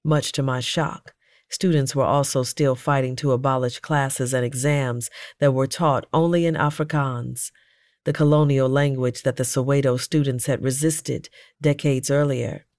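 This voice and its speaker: A man narrating a memoir audiobook in a measured, earnest reading style. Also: mid-range voice, fairly even intonation, darkish tone, dry recording, clean studio sound. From United States.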